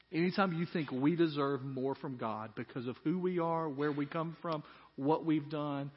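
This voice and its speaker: A man preaching a sermon as pastor, earnest, swinging from quiet reflection to loud emphasis. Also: a little high, slightly rough. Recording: dull sound in a reverberant hall.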